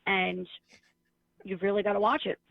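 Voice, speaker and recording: A woman who works as a teacher chats casually, telling sarcastic stories and acting out the voices of the people in them. Her medium-pitched voice has vocal fry at normal speed, with no room sound, over a tinny phone-like line.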